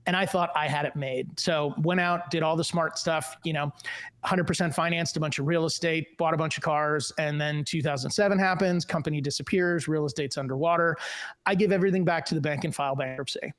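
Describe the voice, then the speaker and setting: Man, forties, from the Chicago suburbs, podcast guest; lively storyteller who acts out quotes, fairly high voice. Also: brisk. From US Midwest, Chicago suburbs. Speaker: guest, tech company executive.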